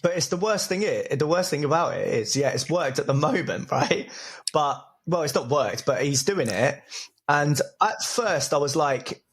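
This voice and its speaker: A man's voice: fairly high pitch, expressive, moderate pace. A man co-hosting a podcast in casual chat, retelling things with laughter. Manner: laughing, storytelling. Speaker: podcast co-host.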